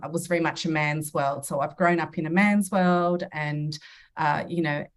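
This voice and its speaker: Podcast guest: woman in her fifties, lowish voice, earnest and reflective storyteller. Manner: earnest, reflective, acts out quoted dialogue. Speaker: podcast guest, medium and mentor. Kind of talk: personal storytelling in a podcast interview.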